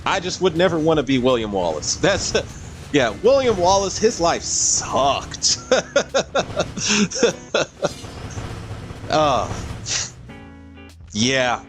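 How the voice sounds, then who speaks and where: A man streams a game and rambles casually through viewer comments, full of fillers and laughs. His voice is on the high side and a bit bright, very animated yet extremely slow, with long pauses. Faint music plays behind him.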